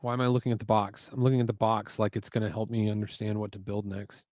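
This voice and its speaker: A man's voice: fairly low pitch, little pitch movement, quick pace, darkish tone, no echo, clean studio sound. Chatty man on a building stream. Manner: chatty, muses aloud, reads chat messages. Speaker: LEGO building livestream host. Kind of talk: casual livestream chat while building. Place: home garage.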